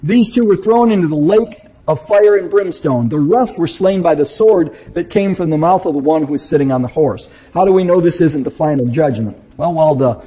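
A man with a dark, mellow and deeply husky voice that sits a little high for a man. He works through a Bible book verse by verse, reading each passage aloud and then explaining it. His talk is plain and unscripted, full of restarts and small self-corrections. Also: a little fast, low-quality recording. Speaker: Bible teacher.

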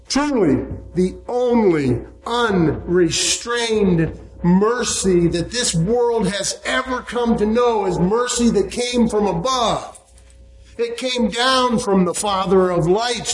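A man delivers a sermon in a high voice, taking his time over each phrase. He leans on key words with emphatic weight and cites chapter and verse as he goes. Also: rough recording. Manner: slow, emphatic preaching, quoting scripture references. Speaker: preacher.

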